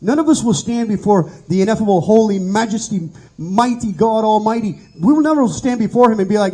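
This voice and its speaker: A man delivers an informal sermon with a high-pitched, husky voice. His tone is mellow and dark, and he tells stories earnestly, often stumbling and repeating words as he restarts. He talks plainly and pleads with his listeners. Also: brisk, hardly any pauses, low-quality recording. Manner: stammering repetitions, earnest storytelling. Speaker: pastor.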